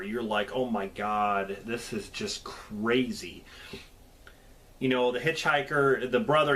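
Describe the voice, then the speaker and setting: A man reviewing a film in a casual recap, excitable and often restarting his sentences. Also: mid-range voice, a little hiss or hum. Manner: excitable, restarts and repeats words. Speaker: movie reviewer.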